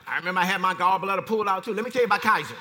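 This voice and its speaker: A man preaching a conversational sermon, reading verses and commenting with animated swings from quiet asides to loud emphasis. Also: sits high, racing, a little hiss or hum.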